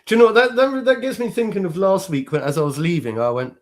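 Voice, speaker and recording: A man on a podcast panel, talking in a chatty, lively way and laughing easily. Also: high voice, fast talker. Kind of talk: casual panel discussion.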